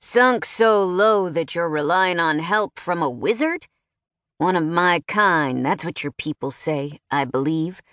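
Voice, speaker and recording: Cranky fantasy wizard, woman narrator voicing him, higher and grumbly, dry audiobook sound. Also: unhurried, fairly bright tone, no room sound. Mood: bitter. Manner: grumbling, irritable. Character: grumpy male wizard potion maker.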